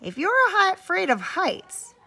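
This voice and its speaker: A woman voicing an eager, bossy young female detective who talks with emphatic excitement. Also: very high-pitched, normal speed, voice pushed up, full character voice.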